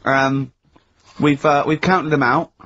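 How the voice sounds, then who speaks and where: A man's voice: on the high side, steady tone, slow pace, fairly bright tone, a little hiss or hum. A man with an English accent co-hosting a radio show, teasing and goading with lots of laughter. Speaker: radio co-host. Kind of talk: jokey radio banter. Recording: dull lo-fi radio broadcast.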